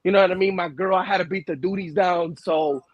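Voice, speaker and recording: A man putting on a boastful basketball star taunting a rival, in a lower mock voice with a put-on foreign lilt. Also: fairly even intonation, fairly quick, no echo, muffled recording. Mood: mock-tired.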